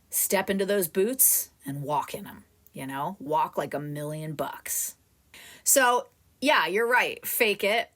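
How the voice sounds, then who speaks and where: A woman acting coach leading a live coaching session, talking straight to a student in an animated way. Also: fairly low pitch. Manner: animated, talks directly to a student.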